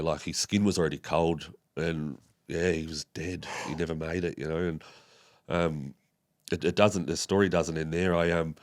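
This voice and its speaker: A young Australian man from Tasmania, a podcast guest recounting a personal story in a halting way, with many fillers and restarts. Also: low-pitched.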